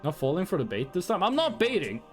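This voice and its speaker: A man's voice: high-pitched, wildly swooping pitch, quick pace, soft background music. A man from Norway with a Norwegian accent, chatting casually on a live stream, laughing, swearing and rambling as he reacts to clips.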